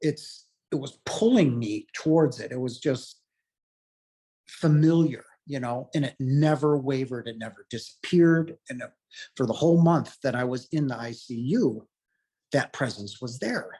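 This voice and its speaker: A middle-aged man with a husky, slightly breathy voice, pitched at an ordinary level for a man. He tells his own story as an interview guest, earnest and rambling, leaning on "you know" again and again. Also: unhurried, warm tone. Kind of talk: candid personal storytelling.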